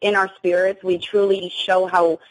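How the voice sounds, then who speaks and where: Here an interview guest, a young adult woman, recounts an encounter emotionally from her own perspective. Her voice is on the low side with a level tone and normal speed, captured in poor audio, and she repeatedly halts to restart sentences, using many fillers.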